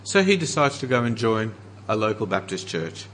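An earnest man preaching a sermon as pastor, slowing down to stress the scripture he quotes. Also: on the low side, very animated, a bit bright, slight background noise.

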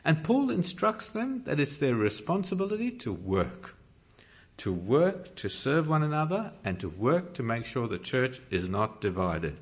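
A man's voice: medium pitch, big pitch swings, unhurried. A man preaching a sermon, reading scripture and pressing his points earnestly. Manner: earnest, emphatic, rising to stress key points.

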